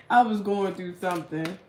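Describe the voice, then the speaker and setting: Blunt, profane woman in an echoey room. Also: mid-range voice. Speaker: tarot reader. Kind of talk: late-night casual live chat. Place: room at home at night. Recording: echoey room with faint hum.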